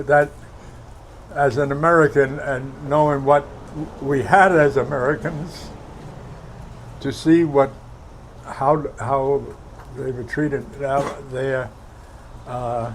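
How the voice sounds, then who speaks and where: A man in his nineties from Brooklyn, recounting his war memories in an interview, halting with many fillers and heartfelt. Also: medium pitch, a little hiss or hum, low-quality recording. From Brooklyn, New York. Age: 90s. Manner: heartfelt, emotional recollection. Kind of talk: oral history interview.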